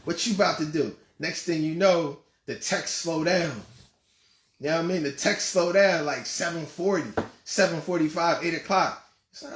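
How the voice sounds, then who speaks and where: Man, show host, blunt scolding advice, mocking, high voice, echoey room. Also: fairly bright tone. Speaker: host and life coach. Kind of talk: relationship advice monologue.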